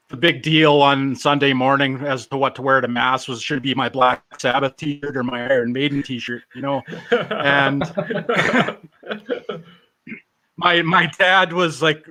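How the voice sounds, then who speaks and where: A man's voice: mid-range voice, bright, forceful tone, dry recording. Laid-back man in his forties. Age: 40s. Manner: laid-back, joking, self-deprecating. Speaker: interview guest. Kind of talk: casual storytelling.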